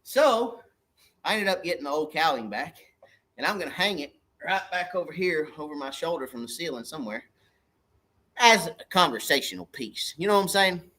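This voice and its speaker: A man's voice: on the high side, animated, normal speed, bright, forceful tone. A middle-aged man, hosting a casual fishing livestream in a folksy, rambling way and greeting viewers by name. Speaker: fishing channel livestream host.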